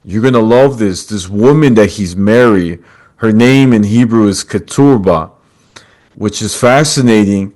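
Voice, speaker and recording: A man's voice: on the low side, unhurried, a little mellow. A man hosting a podcast over a video call, retelling a story with quoted lines and calling his guest brother. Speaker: podcast host. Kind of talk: casual storytelling chat.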